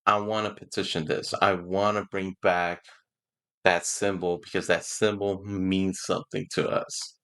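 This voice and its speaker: A man's voice: low voice, flat delivery, measured pace, a bit bright, clear, resonant tone. A man reviewing a TV show in a casual, rambling way, often laughing and getting emotional. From Houston, Texas. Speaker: movie and TV reviewer.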